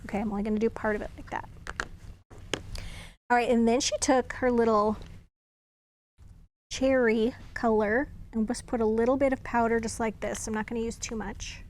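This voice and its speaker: Woman, crafting tutorial host, slightly high voice, chatty and thinking aloud while she works. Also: steady tone, normal speed, pauses often, a little mellow, slight background noise. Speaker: craft demonstrator.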